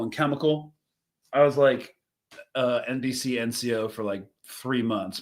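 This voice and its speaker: A man's voice: on the high side, a bit bright. A young man hosting a live show, commenting casually on news clips, rambling and thinking aloud with fillers and restarts. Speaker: host reacting to news clips.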